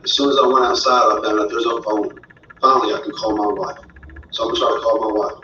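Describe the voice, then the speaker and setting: A man with a fairly low voice recounts his own story in an earnest, indignant way. He sits back from the mic in a roomy space, so the sound is echoey and a little dull. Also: steady tone, fast, pushed and bright, a little hiss or hum. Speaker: father telling his story. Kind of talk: personal storytelling. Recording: roomy, distant, dull audio.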